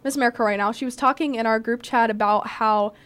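A woman's voice: on the high side, steady tone, fast, a bit bright, clean tone. A young woman hosting a podcast in a bubbly, giggly, chatty way. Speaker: podcast host. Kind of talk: casual chat.

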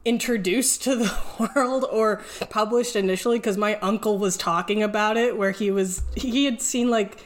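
A woman's voice: medium pitch, moderate pace, hardly any pauses. A woman hosting a casual chat who teases her guest and laughs often. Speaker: host.

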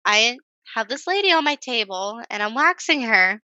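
A young woman working as an esthetician, telling a workplace story as a podcast guest in a lively, chatty way, acting out the people she quotes. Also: on the high side, normal speed, dry recording, highs cut off. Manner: animated, acts out quoted voices, chatty with many fillers. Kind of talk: casual storytelling interview.

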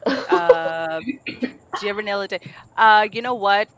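A woman's voice: medium pitch, unhurried, crowd noise, poor audio. A woman co-hosting a podcast, telling frank dating stories in casual chat and acting out the quotes. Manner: candid, animated storytelling with acted-out quotes. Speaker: podcast co-host.

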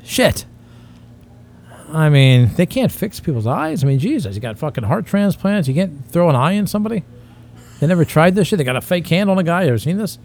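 A man's voice: on the high side, big pitch swings, brisk, darkish tone. A man hosting a comedy podcast, rambling in crude banter and slipping into mocking voices.

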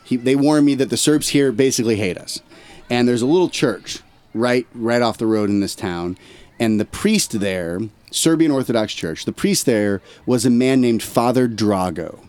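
A man's voice: mid-range voice, normal speed, darkish tone, clear, resonant tone. A man, an army veteran guest on a podcast, telling a long story in a loose, slangy, conversational way. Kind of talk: casual storytelling chat.

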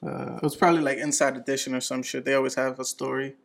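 Gravelly-voiced man chatting casually. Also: mid-range voice, flat delivery, fast. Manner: laid-back, slips into filler words often. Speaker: podcast co-host. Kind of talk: casual chat.

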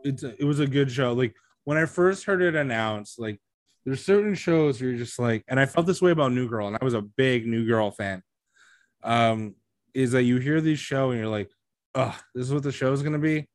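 A man's voice: mid-range voice, lively intonation, dry recording. Chatty man recommending shows, dry mic. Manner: enthusiastic recommender, halting restarts. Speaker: podcast co-host. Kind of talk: casual chat.

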